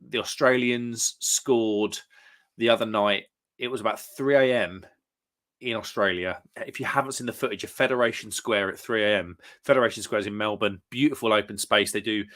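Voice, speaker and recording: A man's voice: lowish voice, a bit bright. A British man hosting a casual live stream, chatting easily and reading out viewers' comments. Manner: chatty, reads out viewers' comments, chuckles often.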